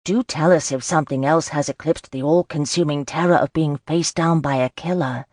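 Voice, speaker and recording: A woman narrator puts on a sensible young Regency lady with a low, composed voice. Her talk is dry and teasing. The reading sounds dry and close. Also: normal speed, darkish tone, dry recording. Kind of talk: audiobook character voice.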